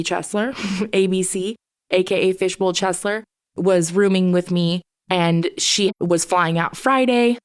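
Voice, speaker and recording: A woman's voice: lowish voice, clear, resonant tone. A woman podcast host telling a personal story in a candid, conversational way, swearing freely. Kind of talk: casual storytelling.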